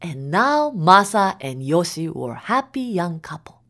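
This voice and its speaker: A woman telling a folk tale aloud in an expressive, animated storytelling manner. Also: on the low side, a little slow. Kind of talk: storybook narration.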